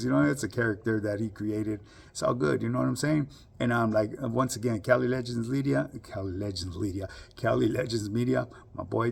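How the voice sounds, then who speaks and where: A man's voice: lowish voice, creaky, slightly rough. A man giving a blunt, profane monologue full of street slang to his online audience. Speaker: social media commentator. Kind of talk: casual monologue to camera.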